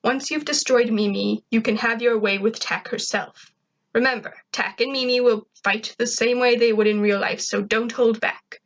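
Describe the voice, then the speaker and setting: A woman's voice: on the high side, steady tone, normal speed, lo-fi sound, lightly acted. A woman voicing a blunt, bossy alien invader. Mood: instructing. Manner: blunt, commanding, speaks of himself grandly. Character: stern bossy male alien invader, proud leader. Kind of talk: amateur story reading.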